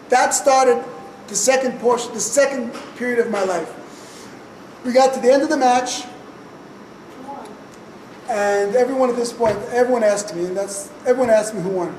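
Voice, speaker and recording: A man's voice: very high voice, a little hiss or hum. A man telling a personal story to an audience, in short punchy sentences with wry humor. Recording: echoey room picked up from a distance.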